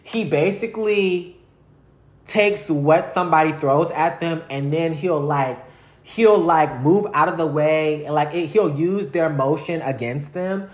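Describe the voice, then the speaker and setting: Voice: mid-range voice, darkish tone, echoey room. A young adult vlogger talking in a casual, rambling monologue full of slang and fillers.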